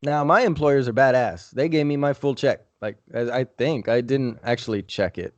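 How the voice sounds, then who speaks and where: A man's voice: mid-range voice, moderate pace, dry recording. Casting: young male podcast host, rambling and profane, dry dull mic. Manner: profane, rambling, laid-back. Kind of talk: casual storytelling chat.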